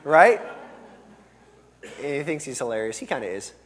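A man preaching a sermon as pastor, earnest and emphatic, pushing hard on key words and then dropping to a soft, low finish. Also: animated, fast. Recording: long reverb of a large hall.

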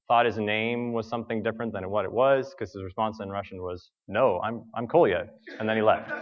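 An American man preaching a sermon, telling a personal story in a halting way with many fillers and restarts. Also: lowish voice, smooth, muffled recording. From United States.

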